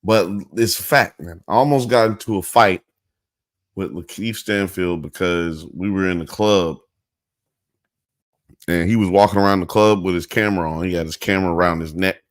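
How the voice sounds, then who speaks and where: A man's voice: deep voice, normal speed, dry recording, clean studio sound. A man hosting a live show, chatting in a loose, rambling, slangy way. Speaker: podcast host. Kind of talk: casual live-show chat.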